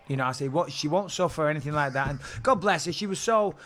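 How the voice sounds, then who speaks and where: A man guesting on a podcast, telling a comic story in an animated way, swearing freely and acting out quotes. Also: on the high side, fast.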